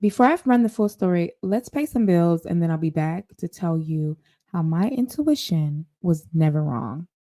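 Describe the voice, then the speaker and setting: A woman's voice: on the low side, animated, normal speed, dark tone. A woman hosting a talk show, telling a story in a sassy, confident, emphatic way. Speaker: podcast host. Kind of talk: storytelling monologue.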